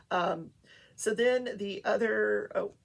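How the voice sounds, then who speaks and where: A woman's voice: low-pitched, normal speed, vocal fry, slightly rough. An older woman hosting a talk show, chatting casually through a trial recap with many fillers.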